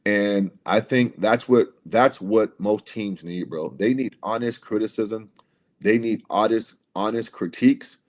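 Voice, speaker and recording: A man's voice: on the low side, a little slow, a little mellow. A man on a casual livestream telling a long, rambling story, swearing often and calling the listener "bro". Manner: profane, rambling, repeats "bro" and "right?". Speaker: podcast co-host telling a story.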